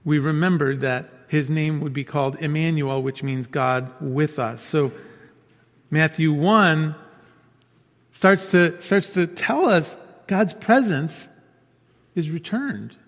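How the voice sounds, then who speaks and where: A man's voice: a little high, slow pace. A man preaching a sermon in an earnest way, repeating key phrases for emphasis. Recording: long hall reverb.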